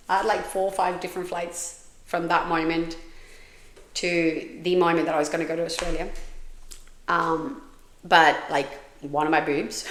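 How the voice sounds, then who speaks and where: A woman's voice: lowish voice, fairly bright tone, reverberant. A woman hosting a podcast, telling her own story in a frank, candid way, swearing freely and often restarting her sentences. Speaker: podcast host.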